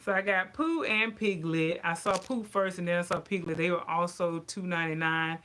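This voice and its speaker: A woman vlogger chatting casually to her viewers, animated and given to ranting. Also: fairly low pitch, moderate pace, slight background noise. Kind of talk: casual chat to camera.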